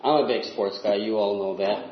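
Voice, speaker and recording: A man preaching a sermon in an earnest, emphatic way, dropping low and quiet on the words he stresses. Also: steady tone, normal speed. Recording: echoey room, dull lo-fi sound.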